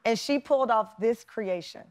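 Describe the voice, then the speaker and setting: A woman's voice: a little high, moderate pace, heavy background noise. A middle-aged woman hosting a talk show, chatting in an effusive, emphatic way and laughing often. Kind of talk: casual interview chat. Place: TV studio with live audience.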